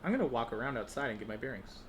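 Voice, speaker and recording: A man's voice: mid-range voice, lively intonation, racing. A man reading a solo tabletop adventure aloud and role-playing his character, hesitant and self-amused, often restarting his sentences. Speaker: solo tabletop game player. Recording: noisy home recording.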